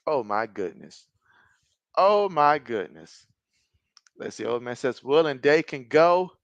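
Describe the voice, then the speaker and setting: A man in his thirties hosting a casual live stream, calling football plays and reading viewer chat aloud, reacting loudly to big plays. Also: mid-range voice, lively intonation, slow pace, no echo, dull audio. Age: 30s. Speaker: live-stream sports host.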